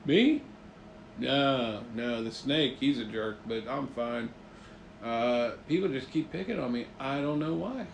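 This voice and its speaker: A man putting on a high, sing-song chimera voice in a bedtime story, a soft and friendly creature with a gravelly edge. It is recorded in an echoey room at home. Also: a little slow, a little hiss or hum. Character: gentle shy male chimera, tired of being picked on.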